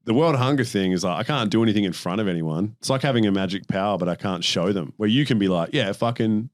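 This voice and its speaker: Rambling young man, low voice. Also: quick pace, dry recording, studio quality. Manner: rambling, swears freely, animated storytelling. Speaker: podcast host. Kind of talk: casual chat.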